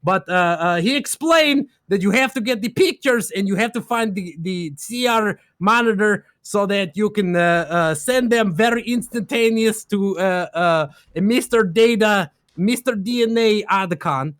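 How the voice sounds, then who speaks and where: A man's voice: high-pitched, moderate pace, hardly any pauses, a bit bright, dry recording, clean studio sound. A man casually recapping a game plot on a stream, rambling in broken grammar with lots of fillers and laughs.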